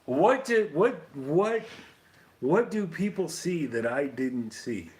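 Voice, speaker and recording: A man's voice: on the high side, very animated, takes it slowly, darkish tone. A man co-hosting a live stream, chatting casually and reading out viewer comments, sardonic and profane. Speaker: co-host of a live stream show.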